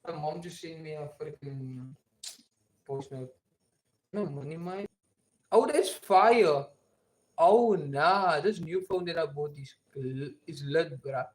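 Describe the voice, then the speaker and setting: A man's voice: on the high side, measured pace, a little mellow, reverberant. A young man chatting loosely on a livestream from home, full of slang and fillers. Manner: loose, rambling slang talk with many fillers. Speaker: livestream host. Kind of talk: casual livestream chat. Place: home, alone. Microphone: phone.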